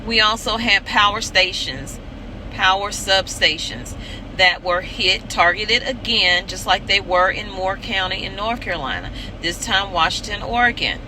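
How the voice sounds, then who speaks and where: A woman's voice: medium pitch, animated, unhurried, background noise. A woman homesteading vlogger speaking straight to her viewers in an earnest, urgent way, repeating her points for emphasis. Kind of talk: earnest direct-to-camera vlog.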